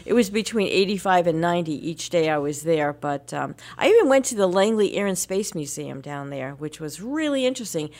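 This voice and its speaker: Middle-aged woman, radio co-host, slightly low voice, chatty storyteller who laughs a lot. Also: lively intonation, brisk, few pauses, darkish tone. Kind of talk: casual morning radio chat.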